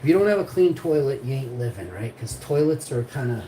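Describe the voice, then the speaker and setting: A Canadian man chats and grumbles at length while making food at home, rambling and sure of himself. His voice sits back from the camera mic in an echoey room. A steady hiss of household noise runs underneath. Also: mid-range voice, fairly quick, distant mic. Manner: rambling, complaining, self-assured. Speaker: streamer. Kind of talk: casual kitchen vlog talk. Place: home kitchen, cooking.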